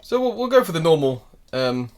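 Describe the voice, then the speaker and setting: A man co-hosting a podcast, retelling film scenes in a relaxed way and acting out lines. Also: a little high, brisk. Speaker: podcast co-host. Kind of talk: casual film recap chat.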